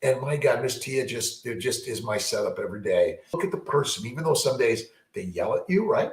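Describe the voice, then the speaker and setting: Unhurried and medium-pitched, a fertility doctor answers viewers in a rambling live chat that stays upbeat and motivational. He repeats himself and restarts often with many fillers, and the low-quality recording has an echoey room sound.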